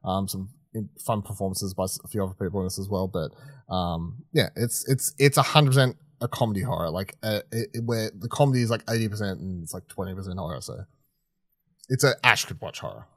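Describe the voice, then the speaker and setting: A man's voice: deep voice, quick pace, a bit bright, breathy edge, dry recording. Casual male co-host, dry close sound, loose rambly delivery with plenty of swearing and laughs. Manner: rambling, restarts, swears freely; laughs often while telling stories. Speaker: podcast co-host. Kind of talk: casual chat reviewing films.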